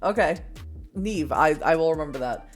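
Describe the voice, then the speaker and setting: A woman's voice: sits low, lively intonation, normal speed, soft background music. An American woman from the Boston area who reads a text game aloud and chats with viewers in a rambling, laughing way. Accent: General American. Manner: chatty and rambling, often laughing at her own asides. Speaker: streamer reading an interactive novel aloud.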